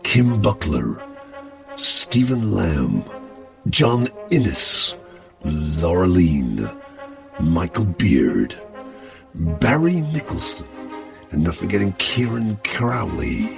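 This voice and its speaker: Man doing a dramatic trailer announcer voice, ominous, slow and theatrical, lively swoops in pitch. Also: gravelly, over music, exaggerated voice. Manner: slow, deep, theatrical delivery. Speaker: podcast co-host.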